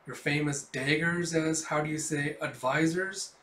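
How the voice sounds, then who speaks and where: Man voicing stern older commander, formal, measured, echoey room. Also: on the high side, steady tone, a bit bright, far from the mic. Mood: grave. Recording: roomy echo.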